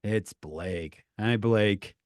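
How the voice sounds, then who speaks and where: A man's voice: fairly low pitch, very slow, dry recording, studio quality. A man hosting a youth group on a video call, greeting each person in a playful, teasing way. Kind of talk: casual chat on a video call.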